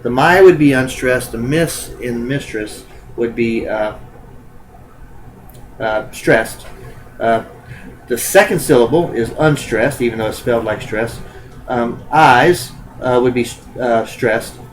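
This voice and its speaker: A man's voice: mid-range voice, slow, a little hiss or hum, rough recording. A man teaching in a recorded lecture, talking informally and using many filler sounds.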